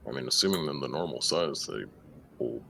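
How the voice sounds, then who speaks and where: A man's voice: extremely low pitch, brisk, creaky, sharp tone, slight background noise. A man playing a tabletop game over voice chat, pedantic and prone to muttering to himself. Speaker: player.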